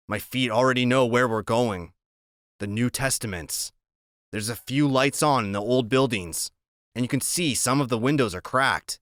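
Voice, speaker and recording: A man narrating a novel in the first person, steady and unhurried. His voice sits at a middling pitch, and the recording is dry with no room sound. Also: dry recording. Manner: steady, plain storytelling. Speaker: audiobook narrator.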